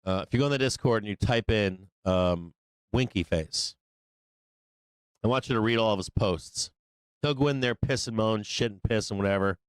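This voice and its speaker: At a moderate pace and in a clean tone on a dry recording, a man rambles through casual advice to viewers of his live stock trading show. He swears freely, jokes, and acts out short scenes using higher voices.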